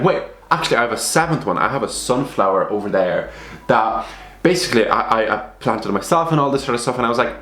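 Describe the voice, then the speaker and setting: A man's voice: fairly low pitch, fairly bright tone, echoey room. A young man chatting casually to the camera at home, rambling and poking fun at himself. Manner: chatty, self-mocking, rambling. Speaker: vlogger. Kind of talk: casual vlog chat. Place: apartment at home.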